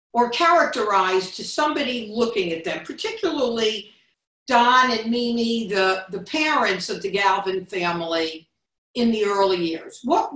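Slow-speaking woman hosting an author talk. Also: on the high side, fairly bright tone. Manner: reads a scripted introduction, then asks questions. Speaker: bookstore event host. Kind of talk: author interview. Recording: echoey room, distant mic.

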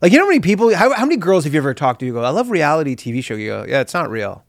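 A man with a slightly high, very lively voice that swings up and down as he riffs. He co-hosts a comedy podcast and acts out little bits as he goes. His voice is recorded close and dry. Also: rapid-fire, creaky, dry recording. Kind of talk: casual comedy podcast chat.

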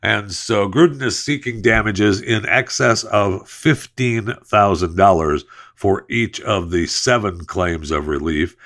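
A man's voice: low voice, a bit bright. A man hosting a talk show, reading an ad in a loose, jokey way and then talking sports news. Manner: loose, jokey, playful asides. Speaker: podcast host. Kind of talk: casual sports talk with host-read ad.

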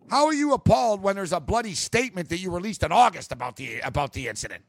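A man co-hosting a sports talk show, ranting in a casual, animated way. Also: high-pitched, gravelly, no room sound. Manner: ranting, animated, quick asides. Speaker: sports podcast co-host.

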